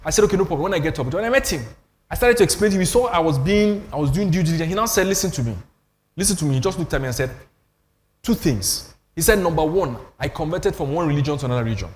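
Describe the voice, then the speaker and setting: A man's voice: a little high, darkish tone, a little hiss or hum. Emphatic Nigerian man with hall reverb. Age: older. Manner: storytelling, emphatic, self-deprecating. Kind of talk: animated panel talk on church.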